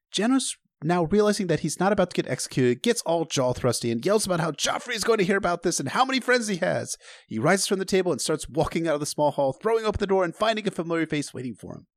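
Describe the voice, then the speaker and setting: A man's voice: fairly high pitch, very animated, quick pace, dry recording, studio quality. Sarcastic man recapping a book. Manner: sarcastic, profane and joking. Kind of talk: casual recap with read-aloud quotes.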